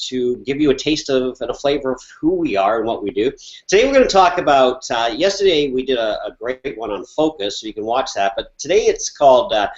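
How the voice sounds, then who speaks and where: A Canadian man co-hosting a live online coaching chat, relaxed and rambling with plenty of fillers. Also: medium pitch, muffled recording. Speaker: life coach, co-host.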